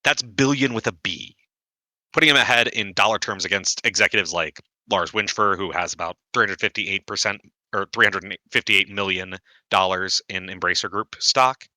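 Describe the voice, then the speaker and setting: This man has a fairly low voice with a very bright, forceful edge. He announces a mock award in a wry tone and reads figures with some fillers. The sound is dry. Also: moderate pace, no echo. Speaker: award show presenter. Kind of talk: live-streamed mock awards presentation.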